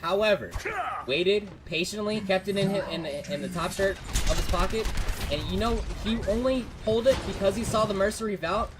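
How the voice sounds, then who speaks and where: A man casting an esports match, shouting on big plays and laid-back in the banter between. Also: high-pitched, brisk, background noise. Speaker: esports caster. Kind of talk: esports play-by-play commentary.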